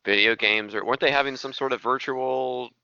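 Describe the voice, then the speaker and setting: Crisp, bright-voiced man hosting a podcast. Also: medium pitch, steady tone, a little fast, muffled recording. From United States. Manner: laughs often, self-deprecating. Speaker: podcast host. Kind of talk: casual chat.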